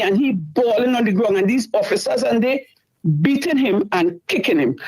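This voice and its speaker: Distressed middle-aged woman, husky voice. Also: a little high, darkish tone, rough recording. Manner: distressed, repeats herself, rising as she recalls. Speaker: caller. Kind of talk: emotional storytelling.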